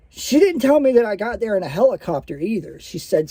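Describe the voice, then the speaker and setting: Guy rambling through his own story, kinda high voice, dry sound. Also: big pitch swings, a little fast, few pauses, warm tone, breathy edge, no echo. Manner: rambling, conversational, many fillers. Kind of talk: casual personal storytelling.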